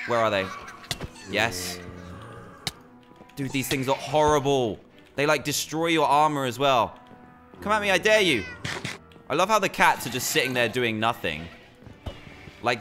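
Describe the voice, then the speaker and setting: British man, young adult, lively gameplay commentary, bright voice, faint music behind. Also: medium pitch. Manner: excitable, animated reactions. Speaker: gaming YouTuber.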